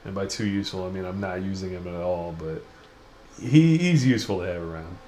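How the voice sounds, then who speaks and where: A young man hosts a gaming video, rambling through crude, self-mocking commentary as he plays in a casual let's-play. His mellow voice sits low and moves fairly quickly. The room is echoey, with faint noise.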